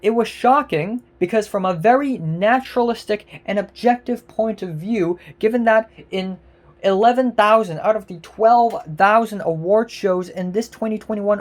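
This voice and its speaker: A woman vlogger delivering an angry, profane rant, exasperated, with repeated words and bursts of loudness. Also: medium pitch, normal speed.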